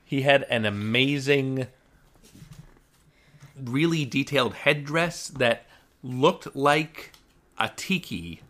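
On a casual podcast, a male co-host rehashes TV shows with sardonic, meandering asides and often starts over. His voice is medium-pitched and a bit bright, slow-paced with frequent pauses.

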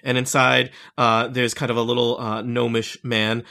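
A man's voice: medium pitch, little pitch movement, normal speed, gravelly, pushed and bright. A man narrating as game master of a tabletop game, rambling with many fillers and restarts.

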